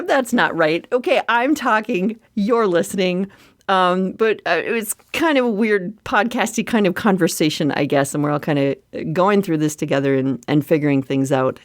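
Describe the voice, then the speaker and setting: Lady podcast host, kinda low voice, chatty, laughs a lot, squeals high when excited, dry close mic. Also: no echo. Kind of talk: casual solo podcast talk.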